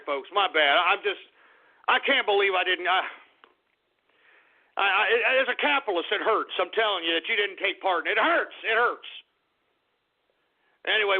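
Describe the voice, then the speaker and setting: A male radio host talking through a rambling, flustered monologue, apologizing and restarting often. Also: high-pitched. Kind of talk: call-in radio talk show monologue. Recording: tinny phone-quality radio audio.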